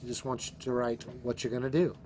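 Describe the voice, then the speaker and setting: A man hosting a live show in a mid-pitched voice, bantering and joking as he reads out viewers' names and hometowns. A faint hiss sits under his voice. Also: fairly even intonation, quick pace, a little mellow. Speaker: host.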